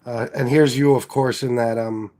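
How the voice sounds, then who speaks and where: Male host, laid back, short prompts, mid pitch. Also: fairly even intonation, normal speed, dark tone. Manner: easygoing, brief prompts and follow-up questions. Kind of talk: casual interview.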